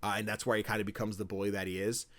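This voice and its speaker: Talking at a racing pace in a lowish voice, this man co-hosts a podcast and tells game stories in casual conversation. He animates quoted lines and swears casually throughout.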